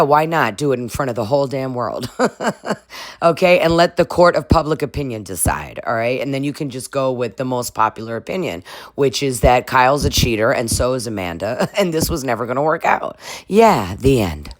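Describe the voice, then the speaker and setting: A woman's voice: extremely low pitch, lively intonation, moderate pace, no room sound. A woman giving a casual, sassy reality-TV recap, laughing often and swearing freely. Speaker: recap vlogger.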